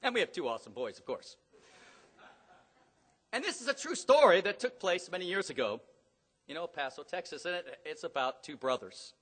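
A middle-aged man preaching a sermon in a church, telling stories dramatically and rising to loud emphatic peaks. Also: high-pitched, very animated, normal speed, pauses often. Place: church hall. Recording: long hall reverb.

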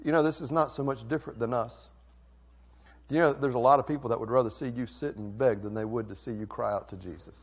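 A male pastor preaching a passionate sermon that swings between loud and soft. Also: mid-range voice, fast, breathy edge.

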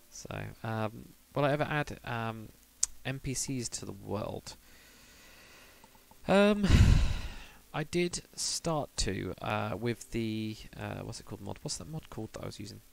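A man's voice: mid-range voice, vocal fry. A man on a casual live stream, thinking aloud and muttering to himself as he builds, stopping now and then to read out and answer viewer chat.

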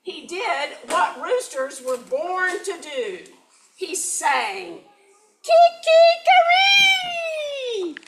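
Animated, slow storybook-reading woman. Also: high-pitched, very noisy. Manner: animated, sing-song storytelling with a few slips. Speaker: storyteller reading a children's book in worship. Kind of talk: expressive children's story read-aloud.

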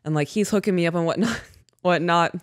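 A woman co-hosting a podcast, telling a story in casual chat, animated, swearing and laughing often. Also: fairly low pitch, a little fast, no room sound, clean studio sound. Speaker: podcast co-host.

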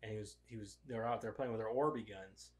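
A man's voice: fairly low pitch, steady tone, fast. A man co-hosting a podcast, chatting casually about his kids, rambling and swearing freely. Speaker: podcast co-host and father. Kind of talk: casual chat.

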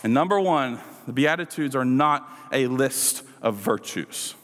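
A man's voice: medium pitch, animated, unhurried, a bit bright. A man preaching a sermon in a casual, conversational way, with playful asides to the congregation. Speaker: pastor. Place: church sanctuary. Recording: church hall reverb.

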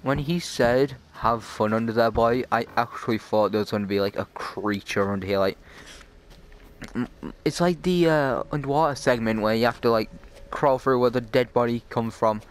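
A man's voice: medium pitch, normal speed. A man casually commenting while playing a horror game, chatty and jokey. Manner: chatty, jokey, easily startled. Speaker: gamer.

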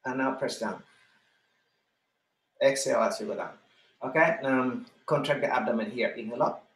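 A male fitness instructor runs a live online exercise class in an echoey room, counting reps, cueing breathing and encouraging students by name. His voice is mid-range and his pace moderate.

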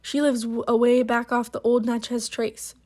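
A woman voicing a brisk, businesslike clinic nurse who presses her questions. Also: fairly high pitch, flat delivery, a little mellow, lightly acted.

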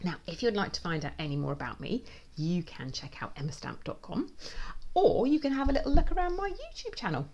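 A woman's voice: medium pitch, sing-song, fairly quick, a little mellow. Playful woman reading a picture book aloud. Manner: playful, dramatic, with whispered asides and sound effects. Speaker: children's author.

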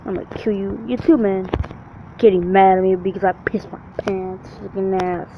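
A man narrating his gameplay in a brash, trash-talking way, cursing at everyone on screen. His voice sits at an ordinary pitch for a man. The recording sounds dull and lo-fi, with a faint hiss underneath. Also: fairly even intonation, normal speed. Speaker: gamer. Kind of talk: profane let's-play commentary.

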